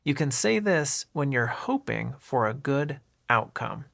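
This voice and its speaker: A man giving a scripted English lesson, explaining everyday phrases one at a time with example dialogues in a clear, deliberate way. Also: medium pitch, sing-song, a bit bright. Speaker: English teacher. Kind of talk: slow scripted language lesson.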